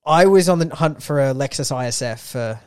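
A man's voice: mid-range voice, animated, brisk, clear, resonant tone, no echo, studio quality. A man co-hosting a podcast, casually telling a story about hunting for his next car, with plenty of fillers. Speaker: podcast co-host.

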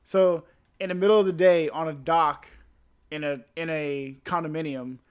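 A man's voice: a little high, fairly even intonation, normal speed, clean tone. A man in crude casual chat, blunt and argumentative, swearing freely.

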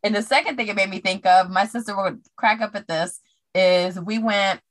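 A woman's voice: mid-range voice, normal speed. A woman co-hosting a podcast, telling a travel mishap in casual chat and acting out her own panicked cries. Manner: animated storyteller, acts out her own panicked shouts. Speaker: podcast co-host.

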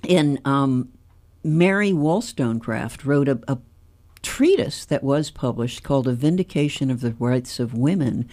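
A woman's voice: extremely low pitch, unhurried. An older woman hosting a casual radio talk show, telling stories and laughing often. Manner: animated storyteller, laughs often. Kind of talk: casual chat.

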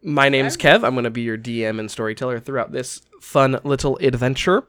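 A man's voice: medium pitch, a little fast, fairly bright tone, clean tone, no room sound. A man hosting a tabletop game podcast as game master, narrating the scene with theatrical storytelling.

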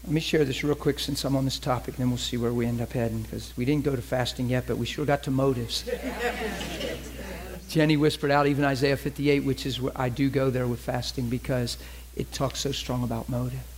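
A man's voice: medium pitch, fairly even intonation, fairly quick. A man preaching a sermon, acting out little scenes and dialogue in different voices.

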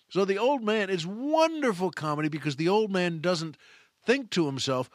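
Man, podcast host, enthusiastic chatty storytelling, bouncy pitch that rises and falls a lot, fairly high voice, dry close sound. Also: very animated, moderate pace, no echo. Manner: enthusiastic, chatty, repeats and restarts phrases. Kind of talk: casual anecdotal storytelling.

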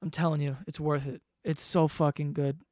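Male vlogger, 20s, slightly high voice, profane rambling rant. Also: little pitch movement, normal speed, darkish tone, no echo, studio quality. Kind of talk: casual rant to camera. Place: home room below living room.

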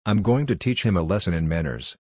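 A man's voice: low voice, lively intonation, fairly quick, a little mellow, no room sound, clean studio sound. A man voicing a curt, hard-edged male ranger in a spoken story. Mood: harsh. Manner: curt, harsh. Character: thin, tough male ranger, quick to anger.

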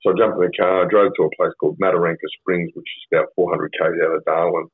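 A middle-aged Australian man with a low, husky voice, telling a story in a blunt and sweary way that wanders and circles back. The sound is thin and tinny, like a phone line, with very dry acoustics. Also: little pitch movement, quick pace, no room sound. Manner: blunt, sweary, rambling with many fillers. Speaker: podcast guest. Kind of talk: casual storytelling.

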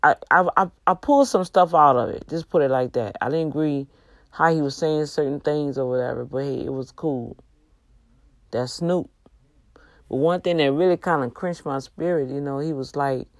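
A tired woman hosting a livestream, giving a faith talk with slow, emphatic, exhorting repeats. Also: low-pitched, no room sound. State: tired, yawning. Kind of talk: preachy casual livestream talk.

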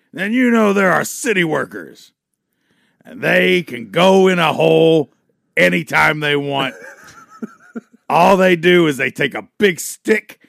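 A man voicing a brash, boastful male pro wrestler who delivers slow, shouted promos in a gravelly voice. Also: fairly high pitch, no echo, studio quality, full character voice.

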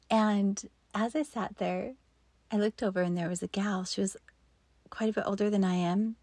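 A woman in her fifties telling a personal faith story in an earnest way, sometimes dropping into soft whispered asides. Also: medium pitch, fairly even intonation, normal speed, no room sound. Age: 50s.

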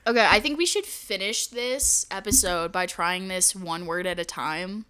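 A woman's voice: mid-range voice, normal speed, sharp tone, clear, resonant tone. A young woman co-hosting a casual podcast over a call, laid-back and wry, often giggling. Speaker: podcast co-host. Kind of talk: casual chat.

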